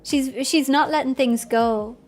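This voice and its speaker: A woman's voice: high voice, measured pace. A woman streamer commenting on a visual novel, musing and hesitant as she searches for words. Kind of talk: live game commentary.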